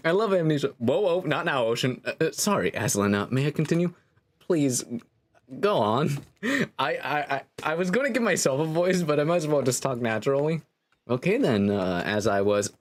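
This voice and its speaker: Playful, animated male streamer. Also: a little high, normal speed. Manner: playful, self-mocking, chatty with viewers. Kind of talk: casual livestream chat.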